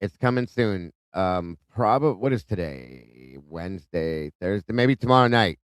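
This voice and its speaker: Host, male, lowish smooth voice, chatty and friendly, reading chat aloud on a dry close mic. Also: expressive, measured pace, no echo. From Ohio. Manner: friendly, greets viewers by name. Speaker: livestream host. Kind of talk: casual live chat reading viewer comments. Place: home in Ohio.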